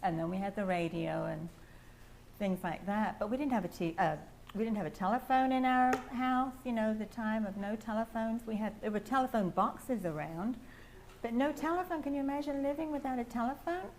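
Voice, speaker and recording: An older woman with an English accent, sharing a meandering personal testimony with soft laughs. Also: fairly high pitch, fairly quick, slight background noise. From England. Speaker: testimony speaker at a prayer house.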